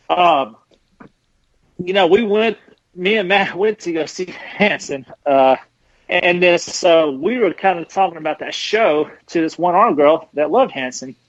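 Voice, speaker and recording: A man hosting a podcast, telling stories in casual chat with animated bursts and laughs mid-sentence. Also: on the high side, dry recording. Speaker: podcast host. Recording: dull lo-fi dry sound.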